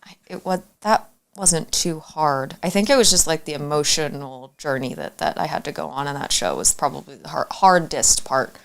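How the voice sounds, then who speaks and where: A deep, animated voice belongs to this young woman from Arizona, a guest actor in a casual talk show interview. Her speech stops and starts, with many fillers and restarts.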